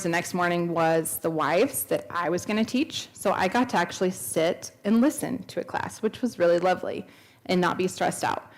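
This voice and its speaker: A woman in her thirties telling a personal testimony at a church, earnest and storytelling, acting out the dialogue she quotes. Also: mid-range voice. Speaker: speaker at a church. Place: church sanctuary.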